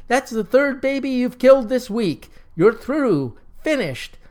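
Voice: medium pitch, big pitch swings, unhurried, a little mellow, voice pushed up. A storyteller voicing a stern, blustering male department head who scolds his staff. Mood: scolding.

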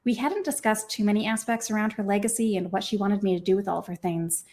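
A woman author and podcast host reading her own novel aloud with expressive, lively storytelling. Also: mid-range voice, fast.

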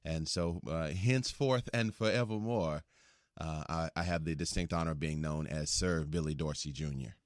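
A man with a very low voice, speaking as a guest on a talk show. He talks in calm, measured, preacherly phrases. The sound is close and dry. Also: no echo. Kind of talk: radio talk show interview.

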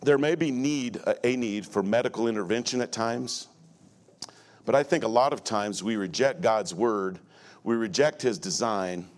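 A man's voice: on the low side, moderate pace. A male pastor preaching a sermon in a church before a congregation, blunt and emphatic with joking asides.

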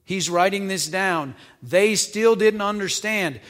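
Reading scripture verse by verse, a male preacher slowly explains a Gospel passage in plain conversational language and poses questions to his listeners. His fairly high, fairly bright voice trails into a long, ringing reverb, as if in a church hall.

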